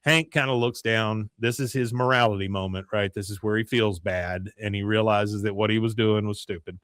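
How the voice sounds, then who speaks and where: A man hosting a podcast, casually retelling a TV episode with lively storytelling. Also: on the low side, moderate pace, smooth, no echo, clean studio sound. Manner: animated storytelling, slips into character voices. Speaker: podcast host.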